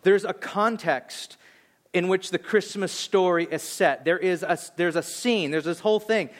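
A high-pitched pastor in his thirties preaches a sermon, telling an animated, self-deprecating story and restarting haltingly in his reflective moments.

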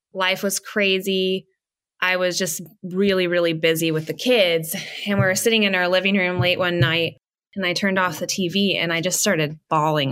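A woman in her thirties talks casually about her life, with a bright, forward tone. She tells stories animatedly, jumping into the voices of her past self. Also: lowish voice. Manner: animated storyteller, acts out her own past words. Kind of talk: casual chat.

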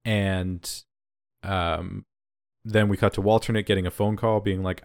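A man co-hosting a podcast, casually recapping an episode with deadpan jokes. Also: fairly low pitch, a little slow, no echo, studio quality. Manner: joking recap with mock deadpan asides. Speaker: podcast co-host.

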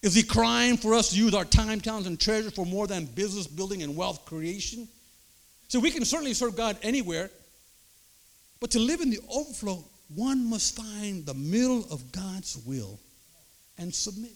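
An older man preaching a sermon, emphatic, checking in with the crowd through quick rhetorical asides. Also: sits high, expressive. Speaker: pastor.

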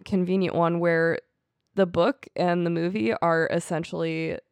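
A woman's voice: on the low side, steady tone, unhurried, clean tone, dry recording. A young woman co-hosting a podcast in casual chat. She giggles, swears freely and retells film scenes. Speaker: podcast co-host.

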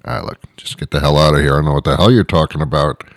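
A gruff, fed-up everyday man snaps back in blunt, rushed sentences, as a man puts him on. The voice drops below the performer's own and speeds along. The effect is comic and irritated. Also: rumbling low, no room sound, clean studio sound, pitched below the performer's own voice. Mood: exasperated. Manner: gruff, fast, blunt and exasperated. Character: exasperated ordinary guy named Joe, adult man.

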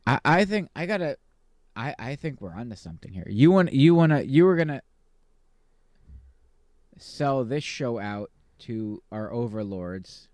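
A man co-hosts a podcast at a middle pitch, rambling through his thoughts with plenty of ums and a playful, sarcastic edge. The recording is dry and close, with no room sound. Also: sing-song, a little slow, long pauses, a little mellow, dry recording. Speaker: podcast co-host. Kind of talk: casual chat.

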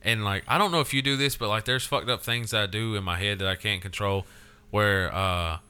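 A man's voice: fairly low pitch, brisk, bright, forceful tone, clear, resonant tone. A man co-hosting a crude, casual podcast, rambling with lots of fillers and swearing. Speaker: podcast co-host.

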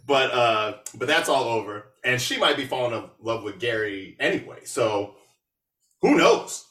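A man hosting a podcast, recapping a movie in a casual, animated and sarcastic way. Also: mid-range voice, moderate pace, echoey room, distant mic. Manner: animated, sarcastic, with laughs and asides. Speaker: podcast host.

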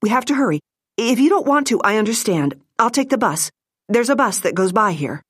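A woman's voice: on the high side, very animated, brisk, slightly rough, no echo, studio quality, pitched above the performer's own voice. A woman voicing a tearful, pleading bride in her thirties.

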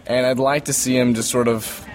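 A man's voice: medium pitch, little pitch movement, normal speed. Joking man chatting on a film set. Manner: joking, self-mocking. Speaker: actor interviewed on set. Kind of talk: casual behind-the-scenes chat.

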